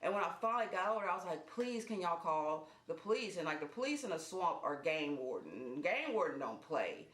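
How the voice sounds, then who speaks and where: A woman telling a personal story in casual vlog style, animated and speeding up in quick bursts. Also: fairly low pitch. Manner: animated, fast bursts when retelling action. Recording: echoey room.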